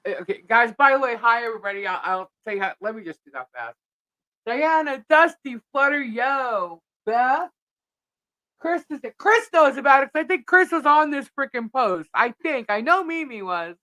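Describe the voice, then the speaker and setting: A middle-aged woman co-hosting a live podcast, chatting casually and telling an animated story in which she acts out what people said. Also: on the high side, normal speed, no echo, rough recording. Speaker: podcast co-host.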